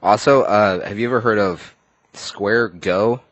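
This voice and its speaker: A man with a very deep voice co-hosts a casual podcast. He chats in a dry, teasing way. The sound is close and free of room echo. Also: unhurried. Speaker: podcast co-host. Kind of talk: casual chat.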